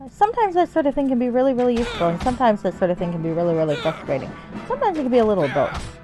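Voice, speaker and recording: A woman's voice: medium pitch, big pitch swings, fast talker, mellow. A woman streamer giving casual gameplay commentary, chatty, swearing freely and talking to the game's characters. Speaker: game streamer. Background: game music.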